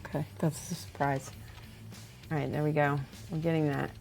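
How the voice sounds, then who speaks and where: A woman livestreaming as she paints miniatures, reading viewer messages aloud and thinking out loud between brushstrokes. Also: sits low, little pitch movement, normal speed, creaky, soft background music. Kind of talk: casual livestream chat while painting.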